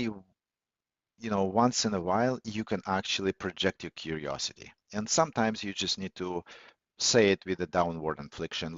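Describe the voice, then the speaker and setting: A man hosting a live online audio session, teaching in a measured way with many fillers and restarts. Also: lowish voice, fairly bright tone, no echo. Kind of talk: teaching talk on listening skills. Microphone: computer or phone mic on a call. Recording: dull, lo-fi audio call, dry.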